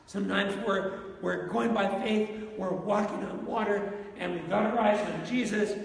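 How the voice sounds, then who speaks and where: Preaching at a normal speed in a high, creaky voice, this pastor keeps his sermon conversational and asks the congregation questions. The church sanctuary sounds like an echoey hall captured from a distance.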